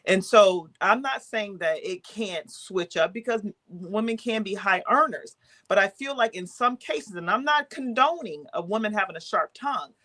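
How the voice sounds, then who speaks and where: A woman's voice: medium pitch, fairly bright tone. A woman with a mid-range voice, speaking firmly on a podcast. She builds her argument point by point and asks rhetorical questions. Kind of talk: casual chat.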